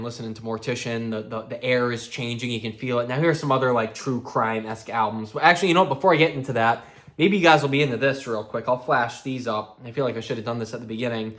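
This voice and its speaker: A man's voice: medium pitch, fairly bright tone. A man talking in a loose, chatty vlog about metal and horror, laughing and swearing as he tells stories. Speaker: metal music vlogger. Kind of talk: casual rambling vlog.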